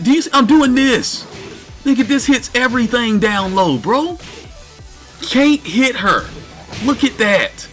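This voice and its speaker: A man streaming live, ranting in exasperated detail about a fighting game character. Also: extremely high pitch. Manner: animated, incredulous, cursing.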